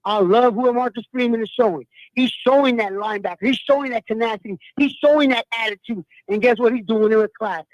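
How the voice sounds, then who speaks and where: A middle-aged man calling into a fan show, ranting loud and fired-up with slangy talk, from the US West Coast. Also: extremely high pitch, brisk, hardly any pauses, no echo, highs cut off. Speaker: caller. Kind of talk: call-in fan rant.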